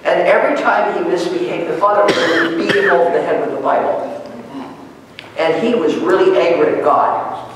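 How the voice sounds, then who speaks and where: A woman's voice: fairly low pitch, moderate pace, noisy background. A woman pastor giving a conversational sermon, telling stories and asking the congregation questions. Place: church sanctuary. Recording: echoey church hall, far from mic.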